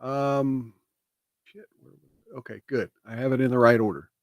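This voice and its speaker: A man hosting casual political commentary, talking emphatically and getting emotional, swinging from loud bursts to hushed asides. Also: mid-range voice, steady tone, normal speed, dry recording.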